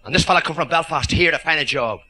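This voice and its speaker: A man's voice: a little high, fast, pushed and bright, slight background noise. An Irish man telling jokes to a live club audience in cheeky storytelling patter. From Ireland. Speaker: club comedian. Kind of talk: live stand-up joke telling. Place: social club function room, live audience.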